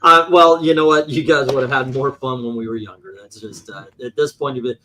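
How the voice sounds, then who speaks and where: A man's voice: mid-range voice, fairly even intonation, brisk, bright, forceful tone. A man hosting a casual group chat, rambling and joking and laughing often. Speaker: host.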